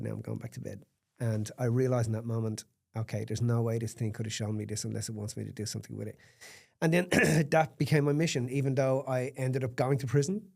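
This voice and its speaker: Mellow-voiced man telling his story. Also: mid-range voice, creaky. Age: middle-aged. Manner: emphatic and raw, with blunt swearing. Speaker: podcast guest. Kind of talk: candid personal storytelling.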